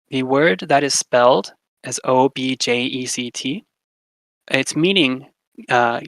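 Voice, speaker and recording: A young man with a bright, clear-edged voice gives a relaxed class explanation full of fillers. He slows down to repeat example words carefully. The recording is dry and close, with no room sound. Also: mid-range voice, dry recording, rough recording. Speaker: language teacher.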